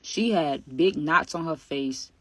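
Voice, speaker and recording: A man telling a personal story to his viewers in a casual, animated, slangy way, often speaking straight to the audience. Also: a little high, slow pace, dry recording. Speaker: storytime vlogger.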